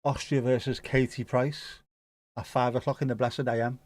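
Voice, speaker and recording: A man's voice: mid-range voice, level tone, moderate pace, darkish tone, dry recording. A man casually commenting on a football match for a live watchalong, joking and reading out viewer comments. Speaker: watchalong host.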